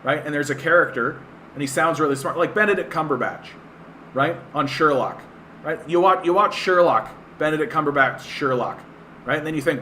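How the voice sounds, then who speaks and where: A man's voice: a little high, fairly quick, sharp tone, a little hiss or hum. A man from Canada hosting a livestream of political commentary. He rants in a scornful way, repeating himself and using many fillers. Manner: scornful, repetitive, filler-heavy. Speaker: livestream host.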